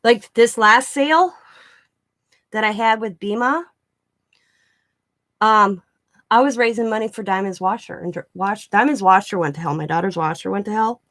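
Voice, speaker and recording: A woman's voice: mid-range voice, normal speed, pauses often, fairly bright tone. A middle-aged woman chatting casually to her viewers, rambling and laughing often as she tells stories. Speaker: craft vlogger. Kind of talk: casual storytelling chat.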